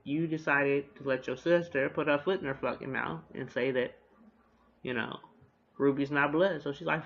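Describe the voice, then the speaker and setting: A man casually recapping a TV episode, profane and slangy, with quick offhand asides. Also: on the high side, steady tone, creaky, fairly bright tone, muffled recording. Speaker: TV episode reviewer.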